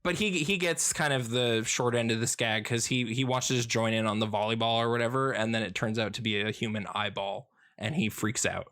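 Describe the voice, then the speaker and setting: A man's voice: mid-range voice, steady tone, a little fast, few pauses, a bit bright. Rambling man chatting on a podcast. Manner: rambling, many fillers and restarts, laughs often. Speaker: podcast co-host. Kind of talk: casual chat about a comic.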